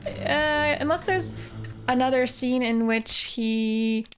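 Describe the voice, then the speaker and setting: A woman's voice: high-pitched, slow. A woman from Canada, a streamer, thinking aloud in casual, playful live game commentary.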